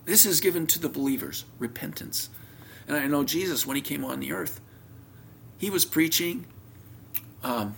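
A man preaching a sermon, telling a homely story, his voice swinging from loud emphasis down to near whispers. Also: on the high side, moderate pace, vocal fry, pauses often, slight background noise.

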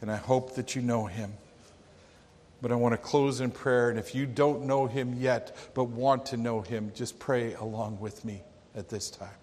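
A man pastor delivering a sermon in a church, telling a story with dramatic pauses. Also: medium pitch, fairly even intonation, darkish tone. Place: church sanctuary. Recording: long church reverb.

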